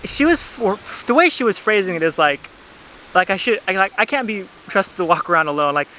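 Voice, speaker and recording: A man's voice: high-pitched, expressive, a little fast, pushed and bright, a little hiss or hum. A man vlogging outdoors at a beach, telling a travel story in a chatty, rambling way with lots of "like". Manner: chatty, rambling, heavy use of "like". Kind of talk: casual storytelling to camera.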